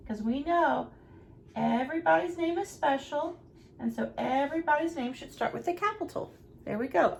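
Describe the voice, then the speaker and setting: Lady teacher, high voice w a bit of fry, slow singsong kid-talk, faint hiss behind. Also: darkish tone. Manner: slow, sing-song, encouraging teacher talk. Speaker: nursery teacher. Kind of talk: teaching a lesson to young children.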